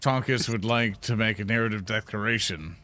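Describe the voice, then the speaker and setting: A man's voice: fairly low pitch, fairly quick, pushed and bright, faint music behind. A man playing a tabletop game, casually declaring his character's moves. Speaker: player.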